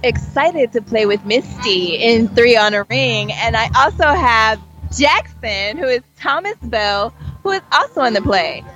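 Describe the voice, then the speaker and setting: A woman guest at a club event, speaking earnestly and deliberately. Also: a little high, lively intonation, a bit bright, soft background music. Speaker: guest actress. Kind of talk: casual chat. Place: club venue. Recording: dull lo-fi sound.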